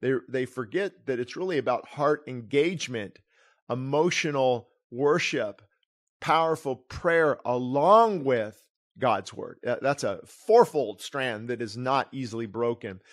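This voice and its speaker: A man's voice: medium pitch, measured pace. Earnest middle-aged man preaching. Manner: earnest, digressive, repeats and restarts while preaching. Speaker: pastor. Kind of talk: sermon reading of his book with commentary.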